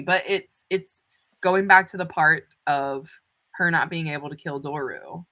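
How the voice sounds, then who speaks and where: Young female co-host, low bright voice, eager and playful in casual chat. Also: steady tone, moderate pace. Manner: enthusiastic, playful asides. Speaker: book club co-host.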